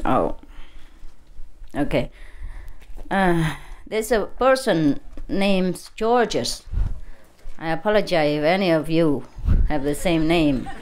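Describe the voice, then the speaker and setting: A woman's voice: lowish voice, a little mellow. A woman with a Vietnamese accent, speaking English in a playful, teasing way to a live audience and laughing often between phrases. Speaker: spiritual teacher speaking to a gathering. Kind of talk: casual talk to a live audience.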